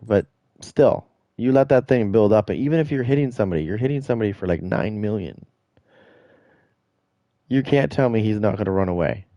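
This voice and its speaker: A man's voice: fairly low pitch, animated, a little fast, mellow, no echo, dull audio. A middle-aged man streaming a game, ranting in a blunt, profane, rambling way. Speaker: gaming streamer. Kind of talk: casual rant while streaming.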